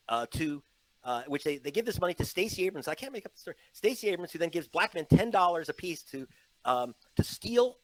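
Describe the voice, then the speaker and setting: A man's voice: on the high side, fairly bright tone, no room sound, low-quality recording. A man speaking as a journalist guest in an interview, emphatic and storytelling, slipping into mocking quoted voices. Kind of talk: animated interview talk. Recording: played from an online interview.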